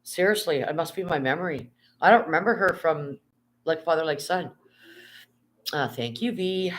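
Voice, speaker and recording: This is a casual live stream from bed, with the host lying at home and speaking into a handheld phone. They chat aimlessly and read viewers' comments aloud in a moderately paced, medium-pitched voice that's a little bright.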